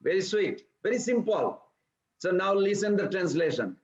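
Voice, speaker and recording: A man teaches a scripture class in a high voice, telling stories animatedly and firing rhetorical questions at his listeners. The recording is echoey and lo-fi. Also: lively intonation, moderate pace, a little mellow. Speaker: spiritual teacher. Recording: echoey room, dull lo-fi sound.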